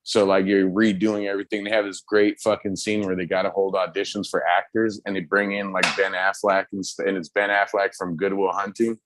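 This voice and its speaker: A man co-hosting a casual pop culture chat, talking loosely with lots of swearing and excited retelling. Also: sits low, a little fast, hardly any pauses, a little hiss or hum. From United States. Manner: loose, profane, excitable storytelling. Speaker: podcast co-host.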